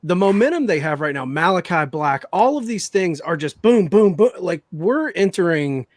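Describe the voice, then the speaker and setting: A man's voice: high voice, very animated, moderate pace, dry recording, studio quality. Emphatic man in his late thirties. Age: late 30s. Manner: emphatic, stammers at the start of points. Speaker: podcast co-host. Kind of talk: casual wrestling chat.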